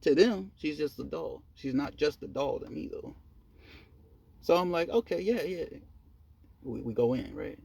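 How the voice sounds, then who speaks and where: A man telling a personal story in a casual monologue, profane and animated, laughing at himself. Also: on the high side, normal speed, vocal fry, husky. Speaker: storyteller vlogger.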